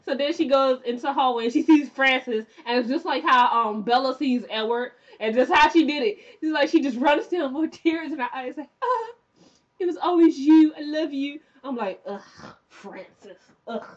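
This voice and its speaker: A young woman casually recapping a TV episode, chatty and animated, often acting out the characters' lines. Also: high-pitched, fairly quick, hardly any pauses. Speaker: TV recap vlogger. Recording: dull lo-fi recording.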